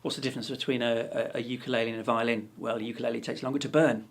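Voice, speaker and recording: A male ukulele teacher tells a joke in a casual lesson. He rambles and hesitates, filling gaps with ums. His voice is gravelly and husky. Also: mid-range voice, little pitch movement, rapid-fire. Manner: rambling, hesitant, with many fillers.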